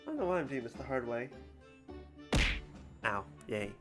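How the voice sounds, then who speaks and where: Joking game streamer with a lively voice. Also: mid-range voice, normal speed, music in the background. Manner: self-deprecating, joking. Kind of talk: casual let's-play commentary.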